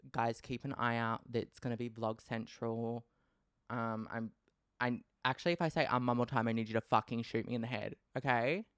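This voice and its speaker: An Australian man hosting a casual solo podcast, talking in an animated, playfully dramatic way and swearing freely. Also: mid-range voice, moderate pace, smooth, no echo, studio quality. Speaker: podcast host.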